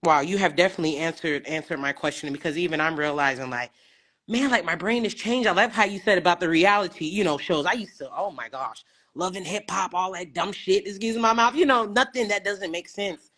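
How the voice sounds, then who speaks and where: A woman's voice: lowish voice, a little fast, a bit bright. Emotional young woman rambling on a live call. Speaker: caller on a live stream. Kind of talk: casual chat.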